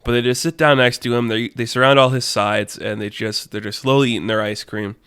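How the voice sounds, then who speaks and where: A man's voice: medium pitch, steady tone, a little fast, a bit bright, clean tone, dry recording, clean studio sound. A man telling an improvised story casually, rambling with many fillers.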